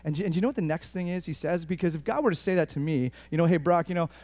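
A fairly high-pitched pastor preaches in rapid-fire fashion, animated and frequently restarting, as he shifts from quiet asides into raised, emphatic passages.

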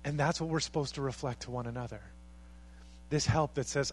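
A man's voice: mid-range voice, fairly even intonation, a little fast, a little hiss or hum, poor audio. A man preaching a sermon with earnest conviction, building to emphatic peaks and acting out the words people say. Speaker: pastor.

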